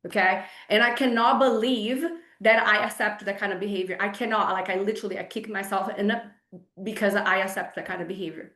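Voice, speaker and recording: A woman's voice: mid-range voice, fairly bright tone. A woman in her forties, a fitness coach, bluntly lecturing her clients on a group video call. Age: 40s. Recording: echoey room.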